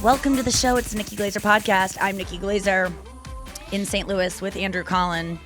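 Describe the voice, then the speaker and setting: A woman hosting a comedy podcast, chatting playfully in quick banter with her co-host. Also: mid-range voice, fairly even intonation, fairly bright tone, soft background music. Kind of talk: casual comedy podcast chat.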